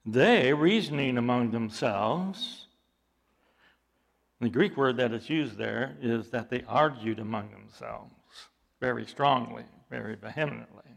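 A man preaching a sermon, reading scripture aloud with dramatic emphasis and explaining it slowly and deliberately, his intensity rising as he goes. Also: mid-range voice, expressive, creaky. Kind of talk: expository sermon.

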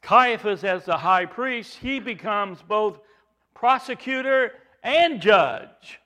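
Slow and expressive, a high-pitched man delivers a sermon with dramatic storytelling. Rhetorical questions punctuate it as he moves between booming emphasis and quiet, hushed passages.

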